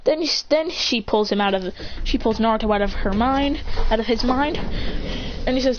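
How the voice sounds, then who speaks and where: A storyteller retelling a fan-made anime adventure, rushing along, restarting sentences and acting out each character's lines. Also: medium pitch. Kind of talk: rambling fan-fiction retelling. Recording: slightly muffled with faint hiss.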